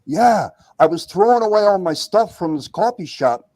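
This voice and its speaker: A man voicing his clueless buddy, eagerly pitching a silly superhero name. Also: animated, moderate pace, a little mellow, no room sound, studio quality. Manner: eager, naive. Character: clueless male buddy pitching hero names.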